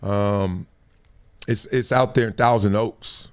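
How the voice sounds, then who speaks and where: A man's voice: on the low side, steady tone, slow, clear, resonant tone. A middle-aged man with a Los Angeles accent, hosting his show and telling a long story in casual chat, acting out the scenes with slang. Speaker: host.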